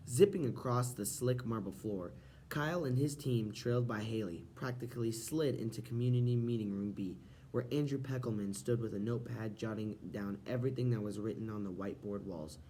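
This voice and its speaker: A man narrating a children's novel as an audiobook in a steady, expressive storytelling manner. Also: fairly low pitch, a little fast, a little hiss or hum, rough recording. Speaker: audiobook reader.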